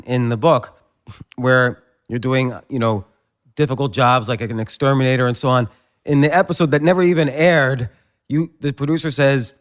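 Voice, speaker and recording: A man hosting an interview, reflective and halting, building his questions slowly. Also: medium pitch, clear, resonant tone. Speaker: podcast host, interviewer. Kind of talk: conversational interview.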